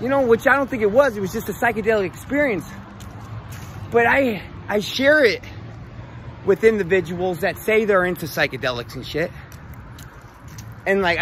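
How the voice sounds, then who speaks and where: Male vlogger, high voice, loose profane storytelling, faint traffic behind. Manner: profane, rambling, animated. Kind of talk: casual storytelling.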